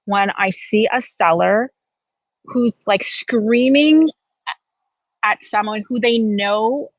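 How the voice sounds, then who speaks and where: Woman from Canada, frank opinionated talk, dry close sound, mid pitch. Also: steady tone, takes it slowly, dry recording. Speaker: livestream seller and co-host. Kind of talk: casual chat.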